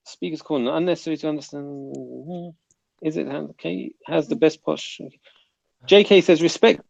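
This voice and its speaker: A man's voice: on the high side, gravelly, a little mellow, no echo, muffled recording. A man with a South London accent hosting a casual livestream, reading viewer comments aloud and bantering. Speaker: livestream host reading chat.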